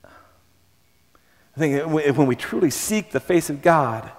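High-voiced impassioned preacher man. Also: lively intonation, takes it slowly, long reverb tail. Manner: impassioned preaching, repeats words, swings from soft to loud. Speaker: pastor. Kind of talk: sermon.

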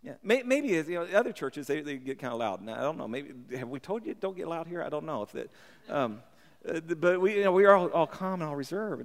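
A man preaching a sermon in a church on a microphone, talking conversationally with repeated words and sudden shouts for emphasis. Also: on the high side, big pitch swings, fast talker, in a large hall. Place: church sanctuary. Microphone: handheld or stand mic.

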